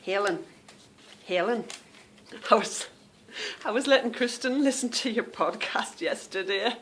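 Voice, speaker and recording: A woman's voice: on the high side, a little slow, fairly bright tone, a little hiss or hum. A woman hosting a podcast, chatting casually at home and calling her listeners "girl" and "girlies". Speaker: podcast host. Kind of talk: casual chat.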